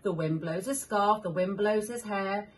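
A woman reading picture books aloud to young children, animated, making animal sounds and asking the listener questions. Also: medium pitch, unhurried. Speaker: children's story reader.

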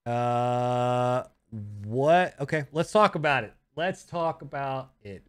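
A man hosting a gaming podcast, steering the talk in a loose, casual way. He hesitates often and fills gaps with ums, at a middle pitch. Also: takes it slowly, clean tone. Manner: hesitant, many ums, leads the segments. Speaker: podcast host. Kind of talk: casual chat.

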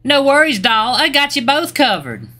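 A man's voice: extremely high pitch, very animated, moderate pace, bright, forceful tone, soft background music, pitched above the performer's own voice, full character voice. Man voicing a sugary, catty young woman. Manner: sugary, condescending. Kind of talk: video game dialogue read aloud.

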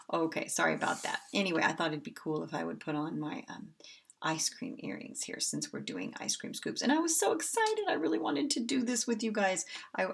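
A woman teaching a phonics lesson to young children, cheerful and slowly sounding out each word. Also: lowish voice, creaky. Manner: cheerful, slow and drawn-out when sounding out words. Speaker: kindergarten teacher.

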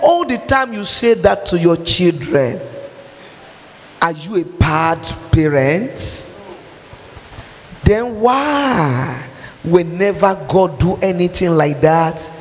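A Nigerian man preaching an impassioned sermon, firing off rhetorical questions and shouting his points. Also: fairly high pitch, lively intonation, slow pace. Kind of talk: fiery sermon. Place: church hall. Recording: long hall reverb.

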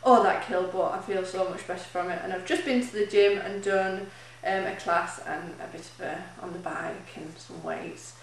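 A woman's voice: on the low side, steady tone, normal speed, few pauses, slight background noise. A woman recording a casual video diary, chatty and emotional, rambling with fillers as she talks. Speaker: charity runner keeping a video diary. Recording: very echoey room, mic at a distance.

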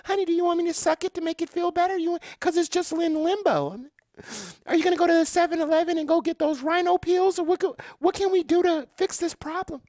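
A man voicing a girlfriend who mocks her partner's failures in a high, shrill, sing-song falsetto. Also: fast talker, a little mellow, no room sound. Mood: mocking. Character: exasperated girlfriend mocking a failing partner.

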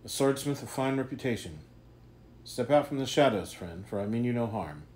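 A man's voice: mid-range voice, animated, normal speed, darkish tone, slight background noise, voice pushed up, close to an everyday voice. A man doing a mysterious, ominous hooded stranger. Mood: cryptic.

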